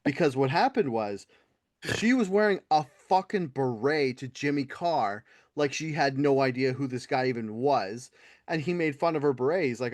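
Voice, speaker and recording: Male podcast host, mid-pitched, profane and mocking, dry booth sound. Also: lively intonation, moderate pace, no room sound. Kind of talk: casual podcast chat.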